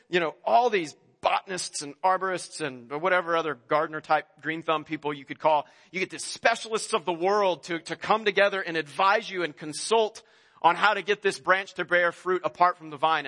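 A man preaches a sermon in a high, bright, forceful voice. He talks to the congregation conversationally and pushes into emphatic stretches. His voice carries a long reverb from a large hall. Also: brisk. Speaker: pastor.

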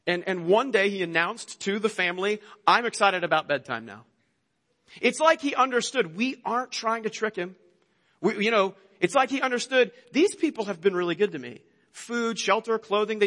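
A man with a notably high voice gives an earnest, conversational sermon, stumbling over and repeating words as he goes. His voice rings out with a long reverb. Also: a bit bright. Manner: earnest, conversational preaching with frequent restarts. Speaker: pastor.

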